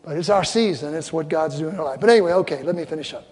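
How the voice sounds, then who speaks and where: An older man preaching a sermon as a pastor, telling stories with loud punchlines and soft asides. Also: on the high side, rapid-fire. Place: church sanctuary. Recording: long hall reverb, faint crowd ambience.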